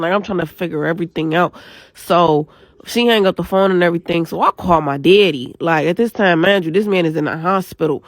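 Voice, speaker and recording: A young woman telling a personal story in casual, animated, slang-heavy talk. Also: lowish voice, brisk, dry recording.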